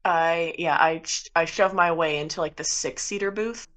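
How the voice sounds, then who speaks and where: A woman's voice: on the low side, moderate pace, fairly bright tone. A woman player casually describing her character's actions in a tabletop game, often laughing.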